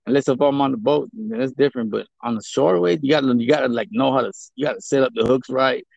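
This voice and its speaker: A man's voice: medium pitch, fast, vocal fry, a little mellow, no room sound. A man co-hosting a podcast, chatting casually and profanely, laughing a lot and slipping into Spanish. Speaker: podcast co-host. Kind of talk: casual chat. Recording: dull, dry lo-fi recording.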